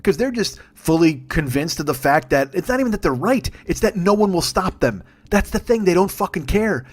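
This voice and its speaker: A man's voice: high-pitched, animated, brisk. Sweary male comedian on an angry rant. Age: 40s. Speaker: comedian podcast host.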